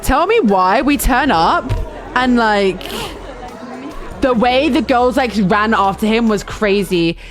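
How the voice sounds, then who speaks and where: A young woman streamer telling a chaotic travel story in casual chat, animated and full of fillers and restarts. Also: fairly high pitch, takes it slowly, music in the background, a crowd in the background.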